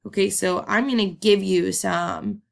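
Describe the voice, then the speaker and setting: A woman's voice: medium pitch, fairly even intonation, unhurried, creaky. A woman teacher giving a recorded lesson in a chatty, upbeat way, with frequent ums. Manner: chatty, upbeat, laughs and says um often.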